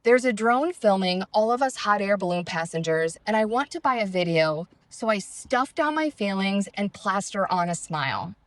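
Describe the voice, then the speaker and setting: A woman reading her own travel memoir aloud in a calm, reflective, measured way. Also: medium pitch, no room sound. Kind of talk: first-person memoir reading.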